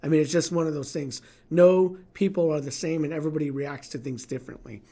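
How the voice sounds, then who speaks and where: A man's voice: fairly high pitch, fairly even intonation, fast, dark tone. A middle-aged man hosting a livestream Q&A, talking bluntly with swearing and acting out his own inner dialogue as he tells stories and gives business advice. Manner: blunt, profane, storytelling with acted inner dialogue. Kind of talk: casual livestream Q&A talk.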